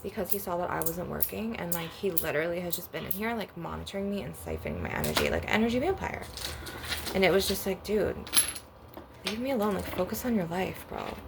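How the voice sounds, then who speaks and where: A woman's voice: on the low side, very animated, quick pace, vocal fry, noisy background. A young woman rambling bluntly and profanely through a casual storytime rant on her spiritual channel. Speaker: spiritual vlogger.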